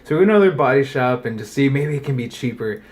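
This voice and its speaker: A man's voice: medium pitch, rapid-fire. A man co-hosting a casual podcast, telling a story with lots of swearing and acting out the people in it. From United States. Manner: animated storytelling, acts out quoted people, swears freely. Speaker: podcast co-host. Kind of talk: casual chat.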